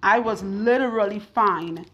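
A young adult woman with a Trinidadian accent, chatting casually and loudly while working, telling stories and acting out what people said. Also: mid-range voice, measured pace, lo-fi sound. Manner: loud, animated storytelling with quoted voices. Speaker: loctician and video host.

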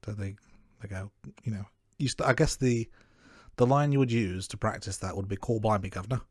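A man with a fairly low voice walks through his notes on a film in a measured, casual podcast chat. The sound is dry and close, with almost no room behind him. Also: a little mellow, no echo. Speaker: co-host of a film review podcast.

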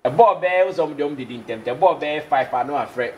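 A man's voice: a little high, fast, lo-fi sound, slight background noise. A Ghanaian man hosting a casual commentary show, switching between English and Twi and acting out dialogue as he tells a story. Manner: animated storytelling, acts out dialogue. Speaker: host.

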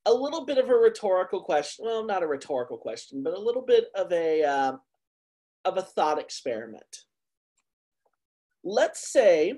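Male college instructor, lively up-and-down delivery, joking, engaging, teaching over a video call. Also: sits high. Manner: lively, playful explainer who asks the class questions. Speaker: university meteorology instructor. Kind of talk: online class lecture.

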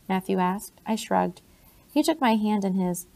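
A woman narrating a novel in the first person with a steady delivery. Her voice is mellow and dark, with a gravelly texture. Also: mid-range voice, moderate pace. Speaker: audiobook reader. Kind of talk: reading a novel aloud.

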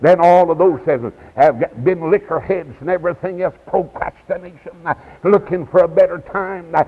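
A man preaching as an evangelist at a revival, swinging from low asides to high shouted cries. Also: moderate pace, few pauses. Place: church. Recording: dull lo-fi 1990s church tape.

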